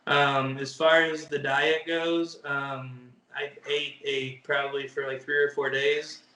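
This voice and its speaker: A man's voice: mid-range voice, little pitch movement, takes it slowly, bright, forceful tone, far from the mic. A young man, a bodybuilder, chatting casually as an interview guest, easygoing and hesitant with lots of fillers. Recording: echoey room.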